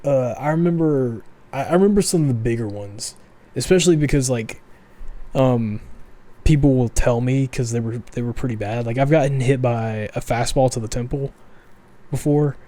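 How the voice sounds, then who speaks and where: A young man co-hosting a podcast, speaking in a halting, hesitant way with many ums. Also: mid-range voice, mellow. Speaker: podcast co-host. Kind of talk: casual chat.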